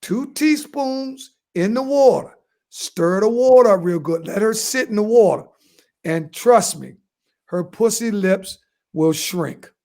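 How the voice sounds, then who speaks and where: A man's voice: high-pitched, lively intonation, slow, mellow. A man co-hosting a comedy podcast, giving crude advice in a boastful, repetitive way and laughing at his own jokes. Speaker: podcast co-host.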